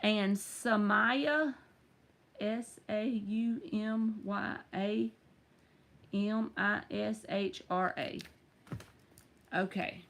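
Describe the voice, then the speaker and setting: A woman's voice: mid-range voice, steady tone, very slow, gravelly, pauses often, fairly bright tone. A woman running a casual live-stream tarot reading, chatty and teasing as she talks to viewers by name.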